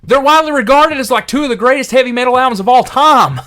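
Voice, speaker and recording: A man's voice: very high-pitched, lively intonation, quick pace, pushed and bright. A man co-hosting a podcast in casual chat, firmly standing by his opinions. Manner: firm, sticks to his picks. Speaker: podcast co-host.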